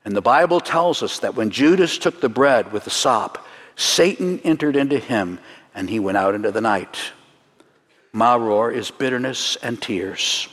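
A man teaching a congregation through a Seder, earnest and slowing down for solemn points, with light jokes along the way. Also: mid-range voice, a bit bright, in a large hall. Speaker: messianic teacher leading a Seder demonstration. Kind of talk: sermon-style teaching to a congregation.

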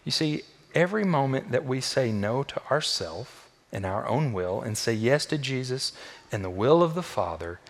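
A male pastor delivering a sermon to his church, repeating phrases for emphasis and swinging from loud, high peaks down to soft, low tones. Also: animated, normal speed, big-room sound.

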